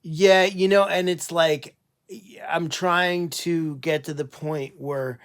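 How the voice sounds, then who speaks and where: A man who runs an animal sanctuary, talking casually on a livestream, tired and unwell, halting with many fillers and restarts. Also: fairly high pitch, fairly even intonation, fairly bright tone.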